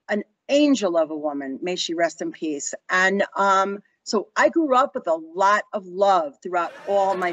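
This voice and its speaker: This mid-range voice comes through on a dry recording with dull audio. A woman in her sixties, she's a guest telling personal stories in an interview, animated and voicing the people she quotes.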